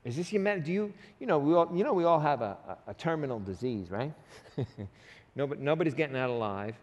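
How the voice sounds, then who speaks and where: A man preaches in an earnest, conversational way, pleading with his listeners and breaking into asides. His voice sits a little higher than most men's. It rings out through a large reverberant hall. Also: lively intonation, brisk. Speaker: pastor. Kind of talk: sermon.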